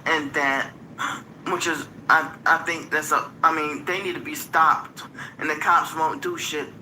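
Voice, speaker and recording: A woman in a played stream clip rambling on about being harassed and manipulated, with many pauses and fillers. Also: deep voice, fairly even intonation, bright, forceful tone, slight background noise, poor audio. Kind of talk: rambling monologue.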